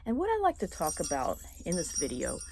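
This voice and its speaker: A young woman vlogging casually, rambling with many fillers and restarts and clearing her throat now and then. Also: low voice, huge pitch swings, a little fast, a little mellow, slight background noise. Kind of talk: casual personal monologue.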